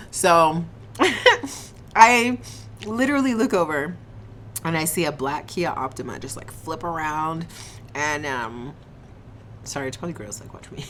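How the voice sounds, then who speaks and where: A young woman telling a casual storytime on her vlog, animated and slangy, swearing and laughing often, eating on camera. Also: deep voice, measured pace, long pauses, a little hiss or hum. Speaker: vlogger.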